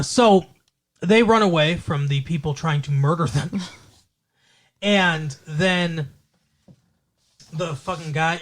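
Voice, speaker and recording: A man's voice: a little high, fairly bright tone. A man co-hosting a podcast, casually retelling a movie plot in a loose, profane way. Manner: loose and profane, with frequent fillers and laughs. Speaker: podcast co-host.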